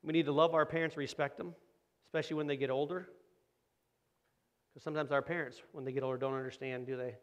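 A middle-aged pastor preaches in a conversational style, posing rhetorical questions and performing the quoted voices of kids and parents. His medium-pitched voice is level and fast, with frequent pauses.

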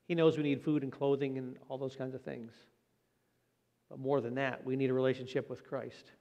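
A man's voice: medium pitch, level tone, warm tone, lo-fi sound. Man preaching in a reverberant church. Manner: earnest, plain-spoken, slows for emphasis. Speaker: pastor. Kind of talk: sermon. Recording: long hall reverb.

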